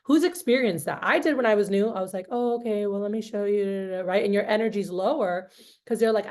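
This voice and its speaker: A woman's voice: medium pitch, quick pace. A young woman training sales reps, telling stories and acting out both sides of the conversations. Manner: animated storytelling, acting out both sides of dialogues. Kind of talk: motivational sales training talk.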